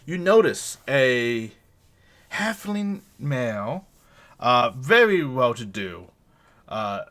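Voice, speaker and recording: A man runs a tabletop session, describing scenes in a loose, meandering way. His voice is bright and his narration is casual and unpolished. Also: medium pitch. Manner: loose, searching, many fillers and restarts. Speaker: game master.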